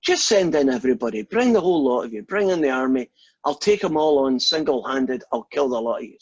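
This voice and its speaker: A man's voice: a little high, expressive, fairly quick, slightly rough, dull audio, voice pushed up. A Scottish man voicing a boastful lone Scottish fighter in a joke, taunting an army. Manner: cocky taunting challenges.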